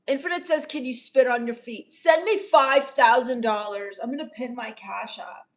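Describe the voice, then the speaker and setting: A comedian performs improvised livestream comedy as a bratty, self-absorbed teenage livestreamer, reading viewer comments aloud with snarky dismissal. Her voice is fairly high, at a moderate pace, with a lightly acted quality.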